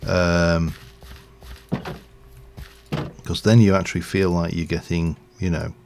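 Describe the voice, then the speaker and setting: A middle-aged Englishman streams a game and chats in a loose, rambling way, full of ums and small chuckles. His voice sits very low and has a gravelly rasp. A faint hiss runs under his talk. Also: flat delivery, takes it slowly, darkish tone. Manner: rambling, chatty, with fillers and chuckles. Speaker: live streamer. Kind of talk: casual chat while playing a game.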